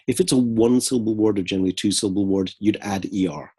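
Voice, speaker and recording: A man giving a brisk, corrective lesson on an essay, reading lines aloud and commenting on the mistakes. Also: fairly low pitch, warm tone, husky. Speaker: English writing tutor.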